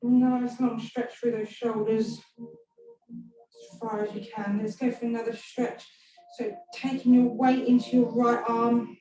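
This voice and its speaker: A woman's voice: on the high side, little pitch movement, slow pace, dark tone, lo-fi sound. A woman leading a stretch class, giving playful, encouraging cues. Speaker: fitness instructor. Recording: echoey room, far from mic, music behind. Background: background music.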